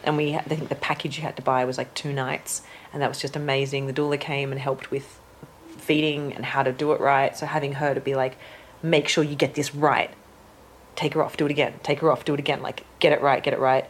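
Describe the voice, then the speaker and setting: A woman with a rumbling low voice talks fairly quickly over slight background noise. She's a guest in a casual interview, animatedly telling her birth story and loudly acting out what other people said.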